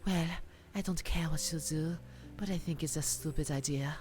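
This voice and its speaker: A woman's voice: deep voice, moderate pace, a little mellow, close to an everyday voice. A woman voicing a sassy, aloof young woman in a video game, speaking curtly and dismissively. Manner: curt, dismissive, sarcastic. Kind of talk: voiced video game dialogue. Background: game music.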